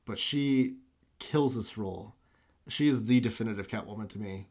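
A man's voice: lowish voice, normal speed, a little mellow, slightly rough. A man co-hosting a casual podcast, enthusiastically discussing a film and acting out its scenes. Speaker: podcast co-host.

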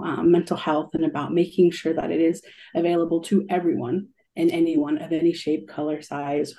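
A woman's voice: low voice, warm tone. A young adult woman, an art therapist, telling a heartfelt story in a radio interview, with many ums and likes.

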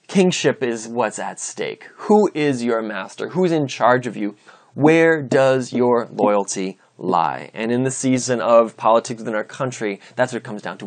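A male pastor preaching a sermon, reading scripture and commenting as he goes. His voice sits at an ordinary middle pitch but jumps up sharply when he acts out the crowd's shouts. The delivery is animated and emphatic. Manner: reads scripture aloud with commentary.

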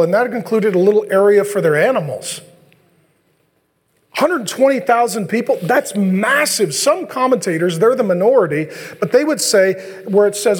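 A man preaching a sermon as a pastor, animated and joking, acting out biblical dialogue in playful voices. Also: high voice. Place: large church hall. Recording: long hall reverb.

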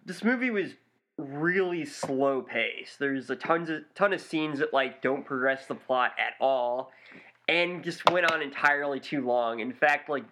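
A man's voice: a little high, animated, measured pace, bright, forceful tone, a little hiss or hum. A man co-hosting a movie review podcast, rambling with many fillers in casual chat. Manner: rambling, lots of likes and ums.

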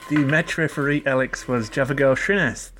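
A man's voice: mid-range voice, moderate pace, a crowd in the background. A man, co-hosting a podcast and telling stories in a dry, casual way. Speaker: podcast co-host. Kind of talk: casual storytelling chat.

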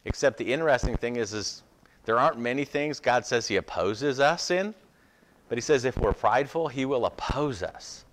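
A man's voice: mid-range voice, lively intonation, moderate pace, slight background noise. A man preaching a sermon in a casual, conversational way, with self-deprecating asides and a habit of checking in with "okay?". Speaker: pastor.

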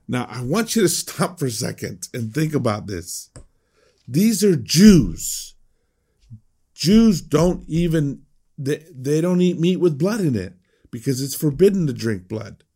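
A man's voice: a little high, big pitch swings, measured pace, dark tone, slightly rough. A man preaching a conversational sermon as a pastor, emphatic and prone to repeating words.

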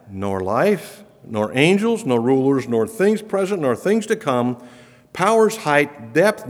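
Earnest preacher in a reverberant hall. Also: male voice, mid-range voice. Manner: earnest, emphatic, rising for repeated promises. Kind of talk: sermon.

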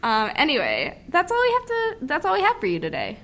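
A young woman in her twenties co-hosts a podcast, chatting casually and breaking into giggles. Her voice is bright and fairly high, and it swings a lot in pitch as she jokes around. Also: wildly swooping pitch, fairly quick, slight background noise. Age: 20s. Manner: giggly, joking, laughs often. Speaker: podcast co-host. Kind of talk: casual chat.

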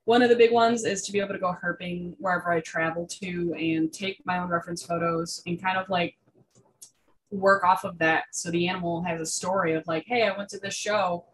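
Young female guest, lower voice, chatty, excitable, many "um"s and restarts. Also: fairly quick, a little hiss or hum, poor audio. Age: young adult. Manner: chatty, full of fillers and restarts; enthusiastic about reptiles. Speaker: guest artist. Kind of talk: casual interview chat.

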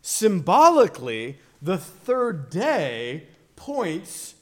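A man preaching a sermon, slow and deliberate, building to emphatic swells on key phrases. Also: high voice, huge pitch swings. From Virginia, USA.

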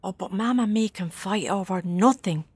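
A young actress with an Irish accent playing a nervous, gentle mother visiting her own mother in prison. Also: mid-range voice, moderate pace, background noise, close to an everyday voice. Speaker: daughter. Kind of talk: film drama acting.

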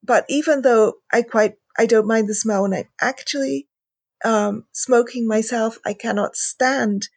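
A woman interviewing a guest, asking questions in a frank, relaxed way. Her voice is fairly high and breathy, recorded close with no room sound. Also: a little slow, dry recording. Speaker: interviewer, podcast host. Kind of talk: conversational interview.

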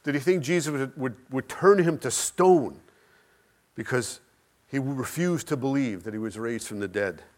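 A man preaching a sermon, building with repeated phrases, rhetorical questions and dramatic pauses. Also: medium pitch, lively intonation, a little mellow.

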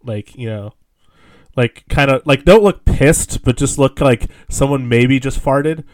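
A man talks through a film in a loose, rambling way, circling his points with fillers and restarts. His pitch sits in the middle, and he laughs easily along the way. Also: a little slow, darkish tone. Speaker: podcast co-host. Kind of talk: casual film discussion.

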